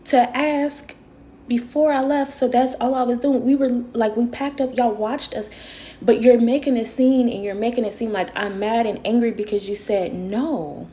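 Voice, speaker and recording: A woman's voice: on the high side, mellow. A woman vlogger telling a personal story in a casual monologue, emphatic and repeating herself for stress, then giving earnest advice to her viewers.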